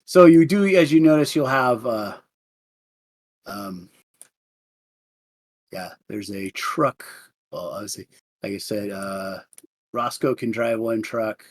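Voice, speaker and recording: A man's voice: lowish voice, slow pace, pauses often. A man narrating as game master of a tabletop game, rambling with many fillers.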